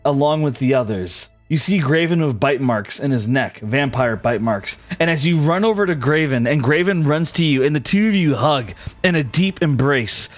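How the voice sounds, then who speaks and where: A man's voice: a little high, no echo. A man narrating as game master of a tabletop game in a casual, self-correcting way.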